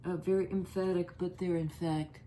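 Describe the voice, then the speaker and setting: Low mellow-voiced woman reading tarot. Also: flat delivery, a little hiss or hum. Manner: musing, halting, thinking aloud as she turns cards. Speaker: tarot reader.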